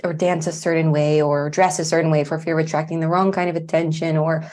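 A woman's voice: deep voice, flat delivery, fast talker, darkish tone. A woman hosting a podcast interview, talking in an effusive, casual way with some swearing. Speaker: podcast host.

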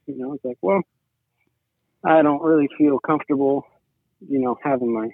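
A man's voice: fairly high pitch, normal speed, gravelly, no echo. Rambling man over a tinny line. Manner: rambling, many "you know"s. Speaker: guest, sibling-in-law. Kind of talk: casual conversation.

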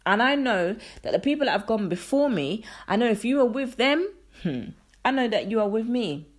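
A woman's voice: on the high side, lively intonation, moderate pace. A woman hosting a solo faith podcast, talking in an earnest, conversational way that turns preacherly. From England. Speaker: podcast host. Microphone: podcast microphone.

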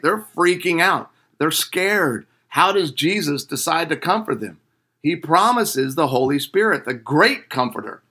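A man's voice: fairly high pitch, pushed and bright. A man giving a casual devotional teaching to couples, speaking conversationally and asking his listeners rhetorical questions.

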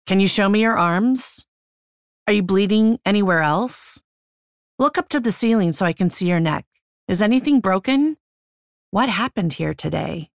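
A woman reading a brisk tall police officer. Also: medium pitch, animated, no room sound, clean studio sound, natural voice. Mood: brisk questioning. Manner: brisk questioning.

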